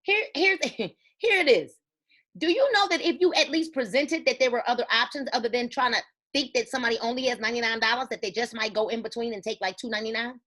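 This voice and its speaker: This woman talks fast in a slightly high, bright voice with a forceful tone. As a network marketing team leader, she motivates her sales team with emphatic, preachy stories full of quoted dialogue.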